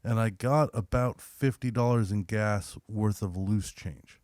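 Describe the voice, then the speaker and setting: A young man co-hosting a podcast, telling a story in a casual, profane, animated way and acting out the other people's lines. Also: on the low side, measured pace, no room sound, clean studio sound. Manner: profane, animated storyteller who acts out quotes. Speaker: podcast co-host.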